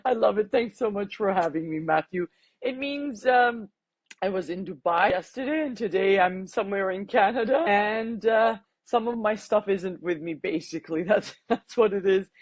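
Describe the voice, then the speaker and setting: Bubbly breathy woman guest. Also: medium pitch, normal speed, no room sound. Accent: foreign accent. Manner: bubbly, laughs often, animated. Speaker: podcast guest. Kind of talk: casual interview chat.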